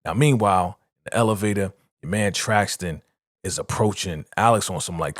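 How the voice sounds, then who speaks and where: Low-voiced man recapping a show. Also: no room sound, clean studio sound. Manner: animated retelling, quoting characters in quick bursts. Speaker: show reaction host. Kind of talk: casual episode recap.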